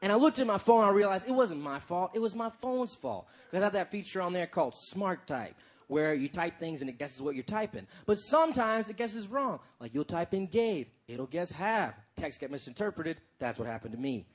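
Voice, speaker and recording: A man in his thirties doing a stand-up comedy set, telling stories in an animated way and jumping into loud shouted voices. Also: high voice, normal speed. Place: live comedy stage before a crowd. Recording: live crowd noise in the background. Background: audience laughter and crowd noise.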